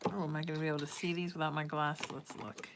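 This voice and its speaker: A woman, a psychic medium, chatting casually on a home livestream, doting and often dropping to a hushed murmur. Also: low-pitched, level tone, fast talker, noisy background. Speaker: psychic medium hosting a live reading stream. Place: at home with her cat.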